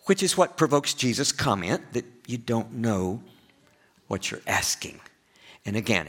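A man with an East Texas accent preaching a sermon as pastor, chatty and full of questions to his listeners, with big swings in pitch and loudness for emphasis. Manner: conversational, asks the listeners frequent questions.

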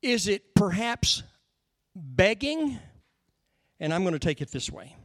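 A man's voice: high-pitched, expressive, a bit bright, no room sound. Earnest man preaching a sermon. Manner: earnest, conversational teaching with slow emphasis. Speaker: pastor.

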